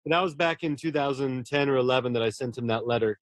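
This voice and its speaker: A man's voice: medium pitch, fast talker, no echo. A man, a horror novelist, talking earnestly and at length in a casual interview, often restarting his words.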